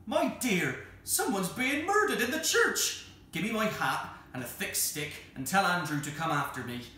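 A man's voice: mid-range voice, big pitch swings, normal speed, bright, forceful tone. A man voicing a fussy, alarmed old country vicar in a storybook reading. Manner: fussy, exclamatory. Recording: roomy hall with faint noise.

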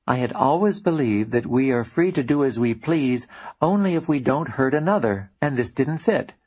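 A man reads his own book aloud as a first-person audiobook. His voice sits in a middle pitch and has a husky, breathy edge. The telling is plain and steady. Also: moderate pace. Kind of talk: audiobook narration.

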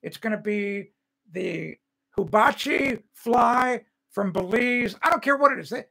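A man's voice: sits high, lively intonation, unhurried, gravelly, sharp tone, low-quality recording. An older man hosting a livestream, ranting angrily and repeating phrases, then reading viewer comments and answering by name. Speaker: host of a home-building show.

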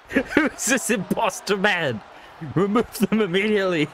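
A man's voice: high voice, slow pace, slight background noise. A young man commentating a wrestling video game on stream, joking, swearing and laughing often. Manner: jokey, swears a lot, laughs often, excitable. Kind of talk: casual live-stream commentary.

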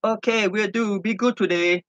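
A man reading aloud and putting on a high voice for a friendly young female cashier who speaks broken English. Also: steady tone, normal speed, a bit bright, dry recording, lo-fi sound. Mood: cheerful.

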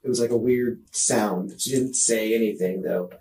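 Halting, agitated man in an interrogation. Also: fairly low pitch, dark tone, far from the mic, poor audio. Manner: halting, repeats and restarts his words; agitated, pleading. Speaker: murder suspect under police questioning. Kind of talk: recorded interrogation statement.

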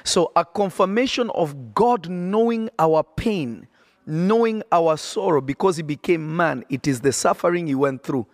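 A man's voice: on the high side, animated, measured pace, no echo. A man preaching on a podcast, emphatic and repetitive, often checking that listeners follow. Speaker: prophet and podcast host.

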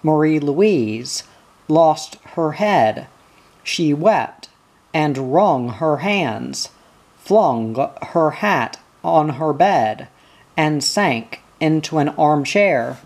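An audiobook reader reading a history book aloud in a slow, measured, even way. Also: medium pitch.

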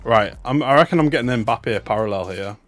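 A young man giving excitable, chatty commentary on a live stream, swinging between loud bursts of hype and muttered asides. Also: fairly low pitch, fast, faint music behind. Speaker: livestreamer opening trading cards.

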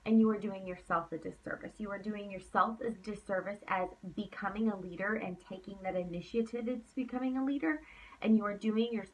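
A woman's voice: medium pitch, far from the mic, slight background noise, poor audio. A woman giving a motivational coaching talk to her sales team. She is emphatic, repeats points for effect, and is tired from talking late at night. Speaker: team leader.

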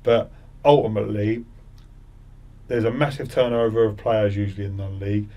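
A man's voice: fairly low pitch, fairly even intonation, normal speed, mellow, recorded from a distance. A man in his forties, a former footballer, chatting as a podcast guest with many restarts and repeated words. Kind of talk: casual interview chat.

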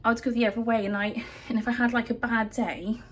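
A woman's voice: on the high side, level tone, quick pace, a little hiss or hum. A young adult woman speaking earnestly to camera from her home, rambling and apologetic as she talks through her feelings. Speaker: vlogger. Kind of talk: emotional vlog rant to camera. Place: home, indoors.

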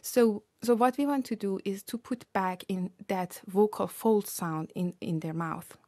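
A woman researcher being interviewed on radio, explaining her work in a measured, careful way. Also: medium pitch, dark tone, no room sound, clean studio sound. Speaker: researcher guest.

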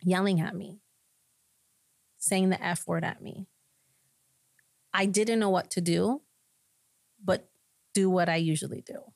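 A woman pastor sharing her personal testimony in a podcast conversation, an animated storyteller who acts out the people in her story and laughs often. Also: lowish voice, slow, vocal fry, long pauses, dry recording. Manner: laughs often between lines.

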